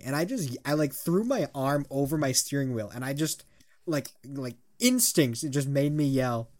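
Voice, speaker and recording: Animated young man rambling and laughing. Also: medium pitch, a little slow. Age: 20s. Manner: rambling, laughs often, swears casually. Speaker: podcast co-host. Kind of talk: casual chat.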